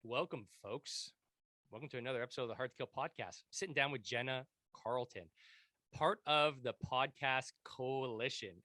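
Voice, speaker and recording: A man's voice: mid-range voice, moderate pace, sharp tone. A man in his thirties with a Canadian accent, hosting a casual podcast interview from his basement, chatty and rambling, often repeating words. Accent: Canadian English. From Montreal, Canada. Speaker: podcast host. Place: home basement.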